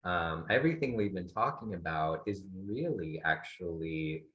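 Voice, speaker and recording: A man with a very low voice gives family advice as an expert in an online talk, pausing often and restarting his thoughts. The sound is dull and lo-fi. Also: expressive, fairly bright tone. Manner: thoughtful, halting with many fillers. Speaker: psychologist guest expert.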